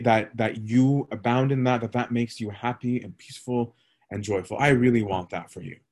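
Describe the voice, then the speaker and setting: A male priest teaching on a scripture passage in a relaxed, conversational way, reading verses aloud and often checking in with "right?". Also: mid-range voice. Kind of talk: scripture study talk.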